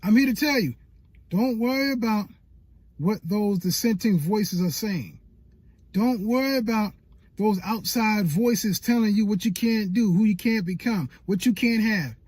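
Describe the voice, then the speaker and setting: A man's voice: high voice, a little mellow, slightly rough, no room sound. A man coaching new YouTubers in an emphatic, preacher-like motivational talk, repeating his points and acting out people's inner doubts.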